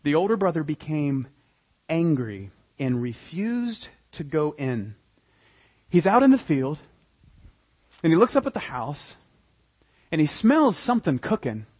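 A male pastor preaches with animated, dramatic storytelling, his pitch swooping widely. His voice is husky and sits a little high. The recording is dull and lo-fi. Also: a little slow, long pauses. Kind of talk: sermon.

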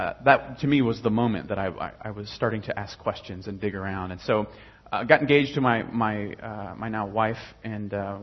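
Young adult man, husky, lowish voice, loose rambling testimony with fillers, dull lo-fi recording. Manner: rambling, many fillers and restarts. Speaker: guest telling his faith story. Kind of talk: casual personal testimony.

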